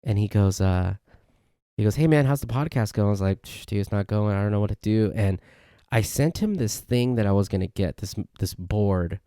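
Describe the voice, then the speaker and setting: A low, gravelly man hosts a solo podcast, rambling loosely from one story to the next. His tone is dark and mellow, and the recording is dry and close. He bounces up into a higher voice whenever he quotes a friend. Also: moderate pace, dry recording. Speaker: podcast host. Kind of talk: casual solo podcast rant.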